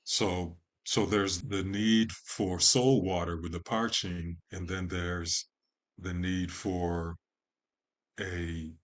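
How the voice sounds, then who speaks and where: A man, a podcast guest, talking in a measured, poetic way and lingering on long lists of words. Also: deep voice, fairly bright tone. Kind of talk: slow reflective conversation.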